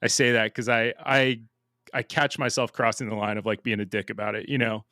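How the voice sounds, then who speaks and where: A man's voice: medium pitch, fairly even intonation, a little fast, bright, forceful tone, dry recording, clean studio sound. A man in his thirties talking candidly as a podcast guest, casual and swearing freely. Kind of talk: casual interview chat.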